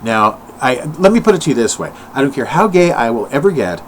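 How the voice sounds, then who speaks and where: An older man improvising a rambling, self-mocking comic monologue at home, full of tangents and quick mock voices. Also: medium pitch, sing-song, rough recording. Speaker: solo comedic vlogger.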